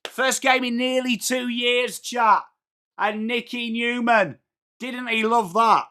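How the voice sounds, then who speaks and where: Excitable English man calling footy live. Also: extremely high pitch, takes it slowly, clear, resonant tone. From England. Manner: excitable, blunt, swears, banters with chat. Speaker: watchalong streamer. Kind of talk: live football reaction commentary.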